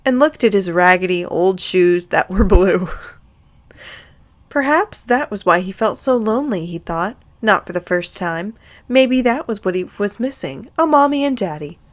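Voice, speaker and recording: A woman's voice: medium pitch, lively intonation, measured pace. A young woman giving a comic, mock-earnest reading of fanfiction, breaking off for swearing asides. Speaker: reader of fanfiction.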